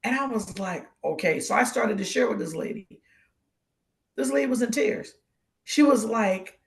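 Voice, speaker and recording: A woman guest co-host giving a personal testimony on a live show, animated and acting out the voices of the people in her story. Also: fairly high pitch, normal speed, vocal fry.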